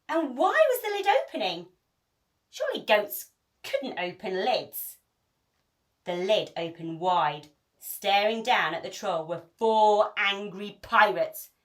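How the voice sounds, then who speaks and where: A woman teacher reading a children's picture book aloud as a bedtime story, with expressive storytelling. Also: on the high side, measured pace.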